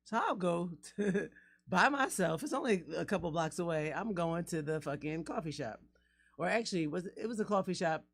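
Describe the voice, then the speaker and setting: A woman from North Philadelphia, a podcast co-host telling a story in casual, profane, animated talk. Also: on the low side, normal speed.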